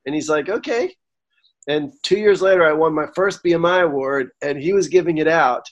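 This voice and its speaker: Higher-pitched man telling his story. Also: fairly quick. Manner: animated, acts out quoted dialogue; gets emotional. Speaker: songwriter guest. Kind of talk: storytelling interview.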